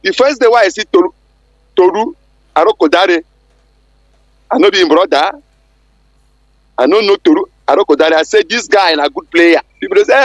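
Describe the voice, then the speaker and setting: Brief: high-voiced Nigerian male caller, dry sound, fired up and insistent. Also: expressive, a little fast, long pauses, no room sound, low-quality recording. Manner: irate, insistent. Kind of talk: heated phone-in rant.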